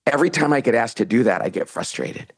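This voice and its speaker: Husky-voiced man telling an animated story. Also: medium pitch, fast. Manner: animated storyteller, acts out quoted lines. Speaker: podcast guest, author and CEO. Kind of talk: storytelling in a casual interview.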